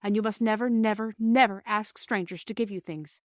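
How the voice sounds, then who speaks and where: A woman voicing a gentle but firm mother who speaks softly and low. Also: brisk, dry recording, studio quality, close to an everyday voice.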